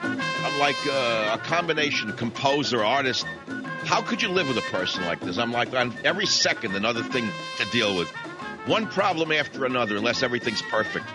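A man's voice: mid-range voice, big pitch swings, a little fast, loud music behind the voice. A male talk radio host delivering a rambling, sardonic, combative monologue.

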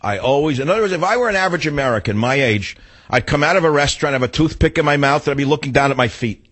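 Blunt new guy ranting through a story, husky voice, dry close sound. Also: fairly high pitch, animated, very fast, a bit bright, dry recording. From New York. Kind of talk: opinionated storytelling monologue.

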